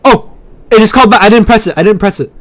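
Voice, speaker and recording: A man giving excitable let's-play commentary, yelping and shouting at scares and muttering quietly to himself in between. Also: sits high, quick pace, noisy background. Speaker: gamer.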